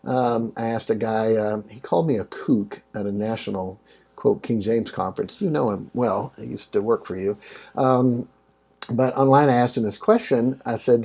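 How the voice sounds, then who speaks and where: A man speaking in a casual interview conversation, telling stories in an animated way with sudden jumps in pitch. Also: moderate pace, vocal fry, husky.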